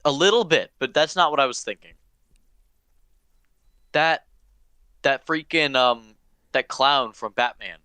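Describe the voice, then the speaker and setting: A man's voice: mid-range voice, unhurried, pauses often, bright, forceful tone, clean tone, no echo. A man co-hosting a casual podcast chat, joking in a dry, playful way. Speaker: podcast co-host.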